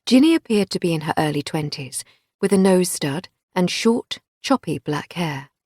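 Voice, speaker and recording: A woman reading a crime thriller audiobook in a measured storytelling manner. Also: on the low side, expressive, a little mellow, husky, no echo, studio quality. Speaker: audiobook narrator. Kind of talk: scripted narration.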